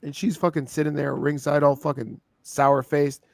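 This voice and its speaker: A man co-hosting a wrestling review show in casual, profane, excitable chat, laughing often. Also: a little high, moderate pace, gravelly, no room sound. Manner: excitable, swearing, laughing, with frequent impersonations.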